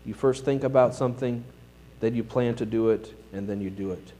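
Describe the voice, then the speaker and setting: A man's voice: medium pitch, fairly quick, dark tone, rough recording. A male pastor preaching a sermon in a plain-spoken, self-deprecating storytelling manner.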